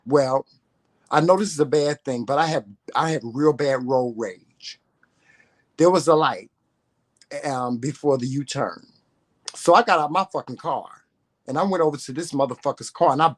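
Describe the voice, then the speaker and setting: A man's voice: a little high, moderate pace. A man vlogging to camera, telling a story in a profane, confrontational rant full of emphatic repetition.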